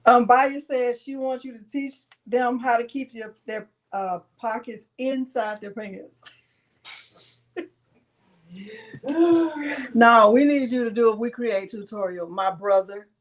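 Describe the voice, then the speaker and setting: A woman's voice: a little high, fairly even intonation, measured pace. A woman hosting a live crafting tutorial, chatting casually and teasing with frequent laughter. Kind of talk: casual live-stream chat.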